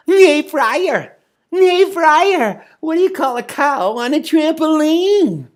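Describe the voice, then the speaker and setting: Man doing a high, slow, filtered joking robot. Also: expressive, heavily acted. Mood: giddy. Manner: slow, sing-song delivery of a punchline. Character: chirpy joke-telling robot, small and goofy. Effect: pitch-shifted, telephone and robot filter.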